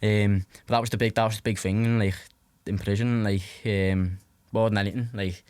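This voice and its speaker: Casually spinning anecdotes as a podcast guest, a Scouse-accented man in his twenties from Liverpool rambles, swears and says "like" constantly. He speaks at normal speed in a lowish, darkish, clean voice with fairly even intonation, recorded without room sound.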